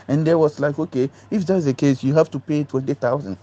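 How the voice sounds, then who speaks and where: A man's voice: fairly quick, few pauses. A man, a doctor giving an emotional personal account, acting out other voices and stumbling over repeated words. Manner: animated storyteller, acts out other voices with big pitch jumps. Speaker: doctor recounting a police ordeal. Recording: muffled lo-fi recording.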